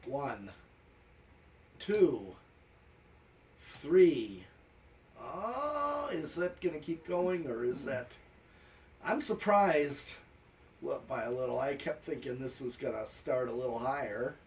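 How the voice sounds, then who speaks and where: A man's voice: medium pitch, very animated, slow, long pauses, darkish tone, recorded from a distance, a little hiss or hum. A man testing a ceiling fan, talking practically and counting settings aloud. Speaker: fan tester. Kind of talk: casual technical chat.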